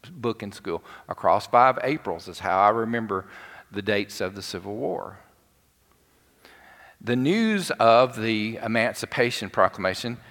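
Slow-talking pastor in a reverberant church. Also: male voice, mid-range voice, a bit bright. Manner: conversational preaching with frequent fillers and rhetorical questions. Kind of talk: sermon. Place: church sanctuary. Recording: live church broadcast with long reverb.

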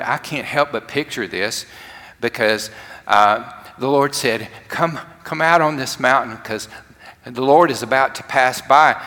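A man preaching a sermon in a dramatic way, swinging from loud, fervent lines to hushed ones. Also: mid-range voice. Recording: long hall reverb.

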